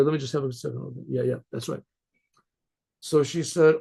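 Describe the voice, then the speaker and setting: Husky, dark-voiced rabbi storyteller; halting delivery, keeps clearing his throat. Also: medium pitch, fairly even intonation. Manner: halting, many restarts and fillers, clears throat often. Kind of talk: casual spoken storytelling.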